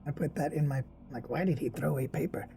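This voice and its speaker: Curious player, gravelly and dark-toned. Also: mid-range voice, fast talker, a little hiss or hum. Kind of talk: casual tabletop game chat.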